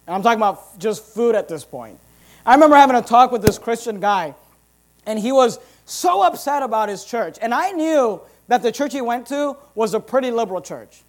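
High-pitched preacher guy, punchy and emphatic, gets loud in bursts. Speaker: pastor. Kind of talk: sermon.

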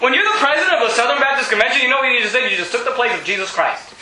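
A man preaching a fiery sermon as pastor, yelling and hammering points with repetition. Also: very high-pitched, expressive, rapid-fire, roomy sound, crowd noise, poor audio. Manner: loud, yelling, emphatic repetition. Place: church sanctuary.

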